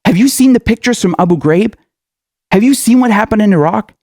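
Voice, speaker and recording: A man's voice: sits high, expressive, brisk, darkish tone, dry recording, studio quality. A male political commentator in a furious, profane rant, firing off angry questions.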